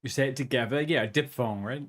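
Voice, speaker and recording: A man's voice: mid-range voice, a little fast, fairly bright tone. A man chatting casually while streaming a game, reading chat and puzzling over pronunciations in a playful way.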